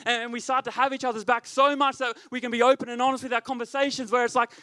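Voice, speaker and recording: Bright, high-voiced preaching man. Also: little pitch movement, fast, few pauses. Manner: emphatic, repetitive preaching. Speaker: youth leader. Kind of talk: sermon.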